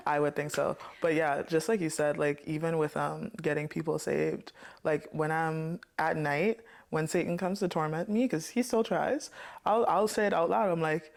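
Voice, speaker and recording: A woman from the Caribbean speaks as an interview guest, her voice carrying a gravelly edge. She tells her stories in an animated, playfully fierce way. She laughs often as she talks. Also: sits low, moderate pace. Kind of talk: casual storytelling interview.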